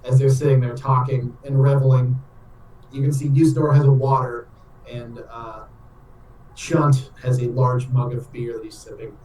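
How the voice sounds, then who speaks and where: A man narrating as game master, describing the scene casually with lots of fillers and pauses. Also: medium pitch, little pitch movement, mellow. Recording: roomy echo, distant mic.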